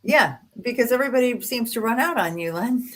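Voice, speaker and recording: A woman co-hosting a podcast, casually chatting and reacting with quick interjections. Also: a little high, expressive, a bit bright. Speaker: podcast co-host. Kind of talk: casual chat.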